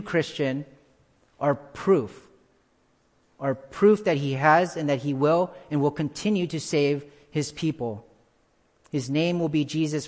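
A pastor preaching a sermon to his church, repeating key phrases for emphasis and slowing down to stress them. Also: fairly high pitch. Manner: slows down for emphasis. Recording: long hall reverb.

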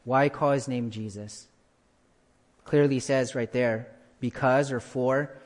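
Guy preaching a sermon in a reverby church, repeats stuff slow for emphasis. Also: medium pitch, fairly even intonation. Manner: emphatic repetition of key phrases; slows down for emphasis. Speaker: pastor. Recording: long hall reverb.

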